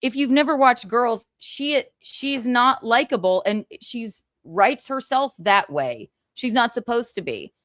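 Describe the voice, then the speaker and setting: Woman, gossip stream host, animated pitch, dry close sound, tired but chatty. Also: a little slow, hardly any pauses, dry recording. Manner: chatty, giggly, tired asides. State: exhausted. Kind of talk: casual chat.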